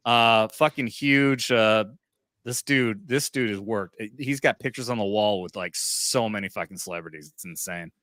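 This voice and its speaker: A man's voice: on the low side, moderate pace, fairly bright tone, no room sound, studio quality. A drunk man co-hosting a podcast, talking loosely and swearing often in casual chat. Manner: loose and profane. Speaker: podcast co-host.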